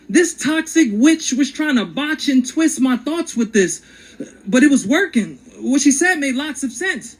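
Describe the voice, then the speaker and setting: High-voiced man performing spoken word. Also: lively intonation, measured pace, rough recording. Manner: rhythmic, dramatic storyteller who acts out quotes. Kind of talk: rhyming spoken word storytelling.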